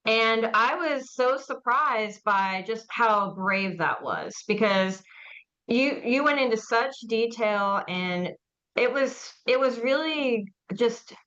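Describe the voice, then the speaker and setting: A woman's voice: fairly high pitch, expressive, slow, a bit bright, dull audio. A woman hosting an interview, talking casually and rambling with plenty of fillers. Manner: chatty, rambling, with many fillers. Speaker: podcast host and mortuary educator.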